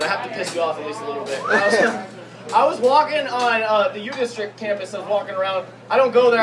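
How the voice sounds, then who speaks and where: A man with a high voice performing stand-up in a club, cursing freely and rambling through his bits. He keeps laughing at his own jokes as the crowd roars behind him. The recording catches him from some distance. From Pacific Northwest. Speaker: stand-up comedian. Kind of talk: stand-up set. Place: comedy club stage.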